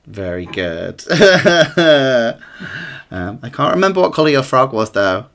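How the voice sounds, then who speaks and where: A man's voice: fairly low pitch, fairly quick, creaky. Rambling man running a tabletop game. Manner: relaxed, rambling, many ums. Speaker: dungeon master.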